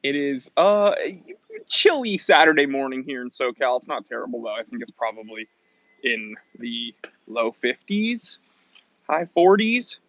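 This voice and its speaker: A man's voice: medium pitch, big pitch swings, unhurried, a bit bright, no room sound, lo-fi sound. A man hosting a casual livestream outdoors, chatting and greeting viewers as he reads their comments aloud. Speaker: livestream host. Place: outdoors in the shade.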